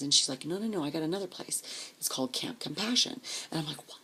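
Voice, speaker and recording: A woman's voice: low-pitched, animated, quick pace, vocal fry, a bit bright, a little hiss or hum. A woman casually telling a rambling, profane personal story, often dropping to a whisper when she quotes people.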